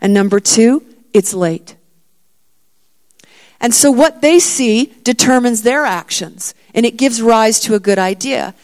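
A woman's voice: fairly high pitch, unhurried, a little mellow. A middle-aged woman delivers a sermon in a storytelling voice. She acts out the words of the people in her story, lifting her voice as she stresses each point. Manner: storytelling, acts out the disciples' lines with rising emphasis. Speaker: preacher.

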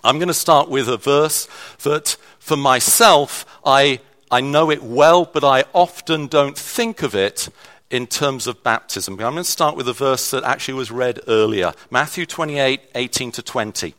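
A man's voice: mid-range voice, a little slow, a bit bright. A man preaching a sermon in a conversational way, with restarts and shifting emphasis.

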